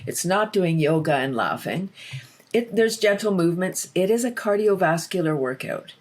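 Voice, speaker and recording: A woman's voice: fairly low pitch, expressive, normal speed. A woman guest in a casual interview, talking about laughter yoga with lots of laughs and acted-out quotes. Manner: enthusiastic, laughs often, acts out quotes.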